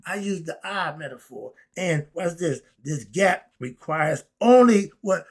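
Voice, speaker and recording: A man hosting an animated spiritual commentary, excitably asking rhetorical questions and answering them himself. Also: on the high side, a little slow, breathy edge. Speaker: host.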